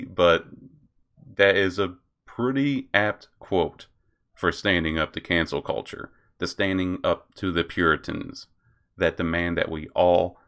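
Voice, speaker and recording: A man's voice: low-pitched, fairly bright tone. A man hosting his own commentary channel, reading out posts and reacting with frequent laughter, swearing and stumbles over names.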